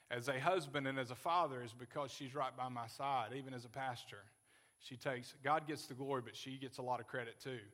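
A man's voice: fairly high pitch, bright, forceful tone. A man in his forties preaching a sermon as pastor, earnest and folksy, joking with his congregation. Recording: long hall reverb.

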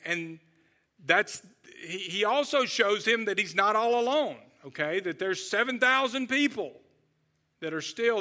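Earnest bright-voiced male preacher. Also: high voice. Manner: earnest, conversational, asks rhetorical "right?" and "okay?". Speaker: pastor. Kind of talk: sermon.

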